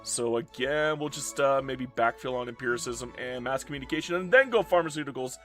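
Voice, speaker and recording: A tired, hoarse man doing chatty live gameplay commentary as a streamer, greeting his chat by name. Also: medium pitch, fairly quick, fairly bright tone, faint music behind.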